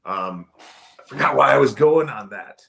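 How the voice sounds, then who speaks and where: A man's voice: medium pitch, expressive, measured pace, creaky, fairly bright tone. A middle-aged man, a sales trainer, talking casually in an interview with an emphatic, storytelling delivery.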